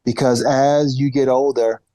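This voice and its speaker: Male podcast guest, forties, animated raconteur who repeats himself, dry close-miked studio sound. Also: mid-range voice, a little slow, dry recording. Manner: animated storyteller, repeats and restarts phrases. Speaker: podcast guest, former fighter. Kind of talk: casual interview storytelling.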